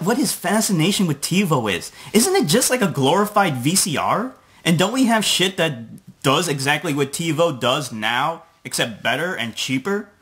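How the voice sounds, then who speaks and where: Man ranting, sarcastic, foul-mouthed, lively up-and-down pitch, video blog commentary. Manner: sarcastic, swearing, mocking. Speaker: video blogger.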